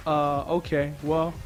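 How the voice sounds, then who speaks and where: A man in a casual radio chat, weighing his words. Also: on the high side.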